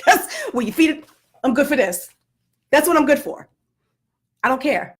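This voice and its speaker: A middle-aged woman vlogging about parenting in a sassy, blunt and animated way, with sudden asides. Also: a little high, moderate pace, long pauses, breathy edge. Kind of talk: candid parenting vlog.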